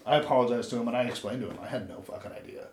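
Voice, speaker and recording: A man's voice: medium pitch, rapid-fire. Casual podcast guy in his 30s from LA, swears a lot, rambles on, kinda echoey room. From Los Angeles, USA. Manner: profane, rambling storyteller. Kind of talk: casual chat. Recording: roomy echo.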